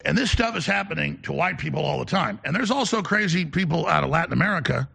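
A man's voice: on the high side, expressive, vocal fry, sharp tone, husky. A man hosting a talk radio show, delivering an emphatic, ranting opinion monologue. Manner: emphatic, ranting, fast-talking.

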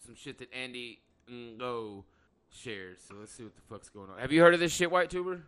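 A man's voice: medium pitch, normal speed, fairly bright tone, smooth. A man hosting a podcast in casual chat, talking in a blunt, profane and rambling way. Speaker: podcast host; electrician by trade.

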